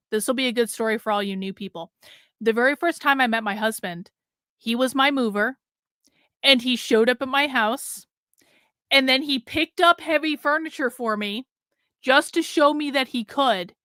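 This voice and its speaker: A bright-voiced woman talks in a blunt, chatty way, hosting her own livestream. Her voice sits a little high. The sound is close and dry. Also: no echo. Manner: blunt, chatty, laughs often. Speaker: livestream host. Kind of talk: casual livestream commentary.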